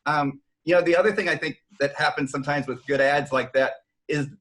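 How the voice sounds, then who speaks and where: A man's voice: on the high side, steady tone, fairly quick, fairly bright tone, poor audio. Hesitant male panel guest. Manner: hesitant, many fillers and restarts. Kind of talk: panel discussion.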